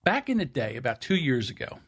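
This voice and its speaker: A middle-aged man co-hosting a podcast, telling a grumpy story in a casual, animated way and acting out his own rants. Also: medium pitch, fairly quick, husky. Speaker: podcast co-host.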